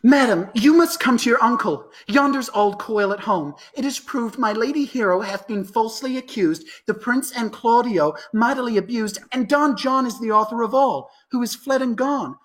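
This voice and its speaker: A man doing an urgent high gentlewoman. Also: normal speed, hardly any pauses, close to an everyday voice. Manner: breathless, urgent, pitched high. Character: hurried young gentlewoman bringing urgent news.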